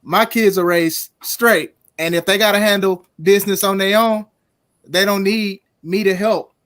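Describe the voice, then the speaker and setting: A man's voice: sits high, fairly even intonation, unhurried, a bit bright. A man in his thirties hosting a wrestling panel, teasing and needling a guest, often tripping over his words. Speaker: wrestling show host. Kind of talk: heated panel banter.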